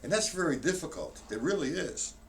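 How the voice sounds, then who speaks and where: A man teaching drums on a live stream, rambling and correcting himself as he counts out loud. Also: fairly high pitch, big pitch swings, a little fast. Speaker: drum teacher. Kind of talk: live-streamed drum lesson. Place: practice room with a drum kit. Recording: distant mic, noisy room.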